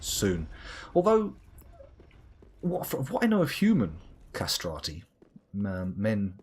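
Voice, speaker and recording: A British man livestreams a game, rambling theatrically, cursing, and addressing the boss directly as he commentates. His voice is lowish and husky with a somewhat dark tone, slow delivery, and enormous swings in pitch.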